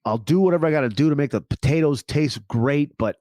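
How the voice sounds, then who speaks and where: A man co-hosting a casual comedy podcast, profane and deadpan, with mock-serious asides. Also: on the high side, fast, no room sound, studio quality. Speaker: podcast co-host.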